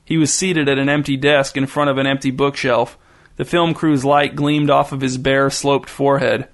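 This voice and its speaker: A man narrating an audiobook in a dry, deadpan way. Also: medium pitch, moderate pace.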